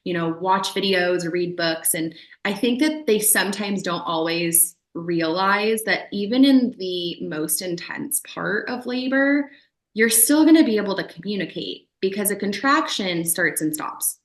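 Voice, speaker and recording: Woman, doula, casual podcast chat, animated storytelling, roomy echo. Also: medium pitch, unhurried. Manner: animated, acts out quoted voices of clients.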